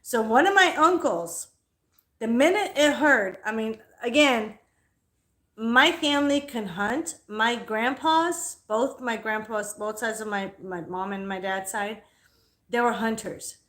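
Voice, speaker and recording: Animated, foul-mouthed young woman storyteller. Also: on the high side, measured pace. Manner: profane and animated. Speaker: livestream host. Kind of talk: casual storytelling.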